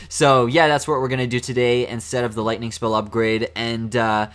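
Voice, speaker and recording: Raspy-voiced young man narrating gameplay. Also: medium pitch, brisk, a bit bright. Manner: chatty, laughs often, many fillers. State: hoarse, raspy voice today. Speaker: gaming commentator. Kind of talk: casual gameplay commentary. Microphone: desk microphone.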